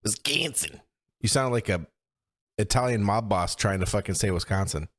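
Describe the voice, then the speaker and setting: Blunt low-voiced man teasing his co-host. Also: brisk. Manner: blunt, teasing, stubborn opinions. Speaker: podcast co-host. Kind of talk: casual chat.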